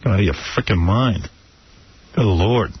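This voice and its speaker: A middle-aged male radio host with a husky voice and a lively pitch that jumps around as he teases and rants bluntly. The sound is dull and lo-fi, like an aired broadcast. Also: a little slow, no room sound. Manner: blunt, teasing, animated. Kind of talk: casual radio banter.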